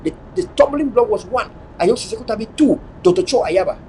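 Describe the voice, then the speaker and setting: Preachy man with a high voice. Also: expressive, brisk, mellow, slight background noise, low-quality recording. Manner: preachy, repetitive, mixes in pidgin. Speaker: online show host. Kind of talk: impassioned political commentary.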